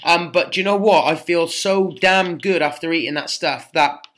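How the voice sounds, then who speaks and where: A man's voice: on the high side, moderate pace, fairly bright tone. A man in his thirties with a British accent, a personal trainer giving blunt, chatty fitness advice and calling his listeners mate and guys. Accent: British English. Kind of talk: casual fitness advice monologue.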